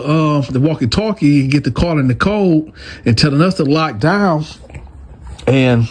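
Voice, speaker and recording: A man telling a prison story in a casual, animated way, talking straight to his viewers. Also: on the high side. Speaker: storyteller, channel host.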